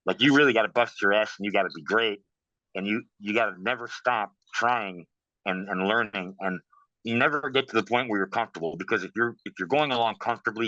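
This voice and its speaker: A man talking casually in an interview, telling stories in a lively way and saying "man" and "bro" a lot. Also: fairly low pitch, fairly quick, no echo. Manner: animated storytelling, says "man" and "bro". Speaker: guest practitioner. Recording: dull, dry sound.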